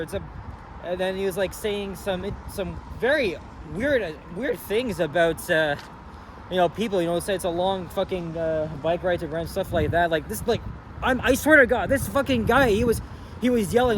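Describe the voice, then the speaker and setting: Man, high-pitched, angry profane rambling walk-and-talk vlog, faint traffic noise behind. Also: normal speed, fairly bright tone. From Canada. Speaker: walking vlogger. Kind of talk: casual ranting walk-and-talk. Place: city street outdoors near traffic.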